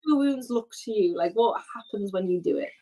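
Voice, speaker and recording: A woman narrating as game master in a tabletop role-playing game, animated and encouraging, with frequent fillers. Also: mid-range voice, a little fast, a loud crowd, poor audio.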